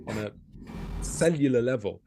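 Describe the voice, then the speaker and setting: A man, a stand-up comedian, talking candidly and self-deprecatingly in a podcast interview, animated and often laughing. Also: mid-range voice, moderate pace, noisy background.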